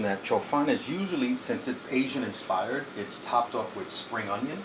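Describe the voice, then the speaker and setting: A man's voice: mid-range voice, expressive, normal speed, noisy background. A man hosting his own cooking vlog, chatty and enthusiastic, talking while he eats in his home kitchen. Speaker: cooking channel host.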